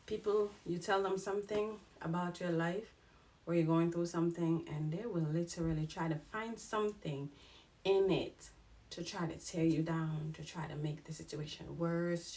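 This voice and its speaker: A young woman with a slightly lowered voice talks straight to her viewers in a personal vlog. She is frank and animated, leaning into her points as she goes. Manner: frank, animated, mimics others in quoted asides. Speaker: vlogger. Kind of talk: candid personal vlog talk.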